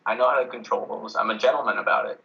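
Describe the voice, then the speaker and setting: Young man, tense bright tone, level-headed and teasing; lo-fi recording. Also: mid-range voice, racing, slight background noise. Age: young adult. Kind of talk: casual chat.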